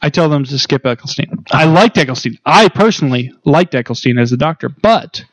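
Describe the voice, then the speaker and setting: A tipsy man in loud, profane, excitable casual chat as a podcast guest. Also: on the high side, a little fast, no room sound.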